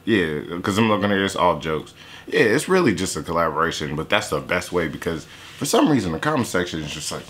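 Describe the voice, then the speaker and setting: A young man with a lowish voice talks loosely over a track he is reacting to, joking and cursing freely. His pitch swings a lot as he throws in mocking impressions of the people he is discussing. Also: big pitch swings, fairly quick, fairly bright tone. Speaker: YouTuber reacting to a diss track. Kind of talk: casual profane reaction commentary.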